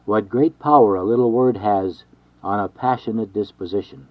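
A man reading an old devotional text aloud in a measured, formal way. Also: fairly low pitch, no room sound. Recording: dry, dull lo-fi recording.

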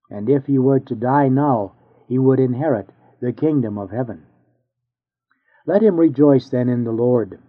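Male reader, earnest measured sermon delivery, mid-range voice, phone-thin audio. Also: mid-range voice. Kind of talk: reading an old sermon aloud. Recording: tinny phone-like sound.

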